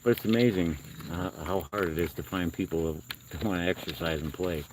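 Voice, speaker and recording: A man's voice: low voice, fairly quick. A man hosting a casual live stream outdoors, chatting and coaxing and scolding animals around him. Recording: outdoor noise with crickets.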